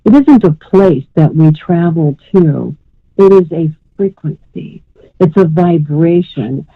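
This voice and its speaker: A woman quoting an old male spirit-guide professor in a slow, deliberate teaching cadence, heard over a tinny phone line. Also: lowish voice, expressive, heavily acted. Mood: gently instructive.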